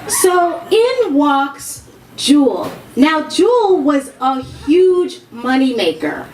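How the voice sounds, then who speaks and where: High-voiced woman telling a profane comic story. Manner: frank, profane, deadpan asides. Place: live venue stage before an audience. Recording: roomy hall with audience noise.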